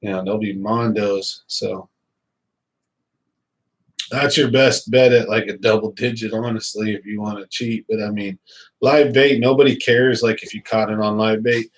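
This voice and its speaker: A man's voice: lowish voice, steady tone, moderate pace, rough recording. A man, hosting a fishing channel and rambling casually to his viewers with lots of fillers. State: hiccups.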